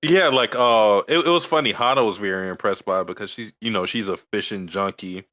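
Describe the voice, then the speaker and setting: A man co-hosting a podcast in casual chat, halting and repeating words as he recounts scenes. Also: fairly low pitch, bright, forceful tone. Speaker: podcast co-host.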